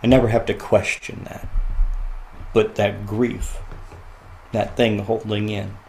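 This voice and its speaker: A man's voice: on the low side, little pitch movement, takes it slowly, vocal fry, a little mellow, a little hiss or hum. A man who is a podcast guest, telling personal stories in an earnest, reflective way and often laughing. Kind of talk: heartfelt podcast conversation.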